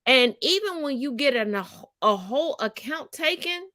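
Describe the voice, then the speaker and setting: A woman in her forties co-hosting a live stream, brash and profane, teasing her co-host and swooping up loud when excited. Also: sits high, moderate pace, no echo, studio quality. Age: 40s.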